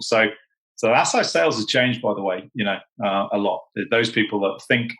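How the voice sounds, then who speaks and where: A man's voice: lowish voice, animated, a little fast, a bit bright, poor audio. A British man speaking as a sales executive guest in a casual chat, emphatic and full of "you know" fillers. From United Kingdom.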